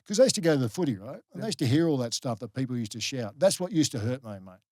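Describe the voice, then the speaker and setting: A middle-aged Australian man, a guest on a podcast, telling a personal story candidly, halting and restarting often. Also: mid-range voice, very animated, a little mellow, no echo. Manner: halting, many restarts, earnest. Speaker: guest, former rugby league player.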